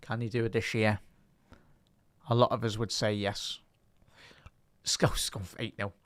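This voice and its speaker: A young man with a Liverpool accent doing a live watch-along of a football match, talking casually with his chat and lifting into quick play-by-play when the ball is in play. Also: lowish voice, little pitch movement, dry recording. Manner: chatty, reads live chat aloud and lifts into play-by-play calls.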